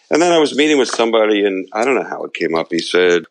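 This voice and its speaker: Low gravelly man telling stories. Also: fast talker, few pauses, dry recording, low-quality recording. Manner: rambling storyteller, laughs often. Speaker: podcast co-host. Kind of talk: casual chat.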